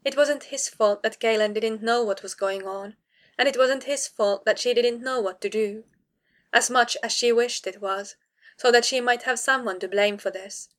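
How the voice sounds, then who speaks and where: A woman's voice: on the high side, moderate pace. A woman narrating a fantasy novel aloud, reading a tense scene with dramatic weight. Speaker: audiobook narrator.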